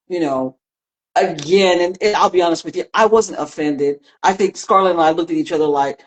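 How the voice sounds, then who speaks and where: A woman's voice: fairly low pitch, normal speed. A woman co-hosting a casual live-stream chat, leading the talk with playful, dry humor. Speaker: co-host.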